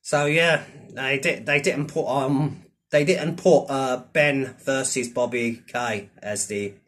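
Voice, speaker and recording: A man's voice: mid-range voice, slow pace, fairly bright tone. Ranting man, swearing freely. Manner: profane, rambling, keeps asking "do you know what I mean". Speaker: vlogger. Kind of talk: ranting commentary.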